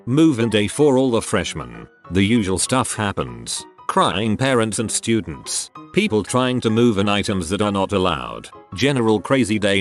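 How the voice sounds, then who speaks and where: A man reading online stories aloud as a narrator, in a steady, even storytelling manner. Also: on the low side.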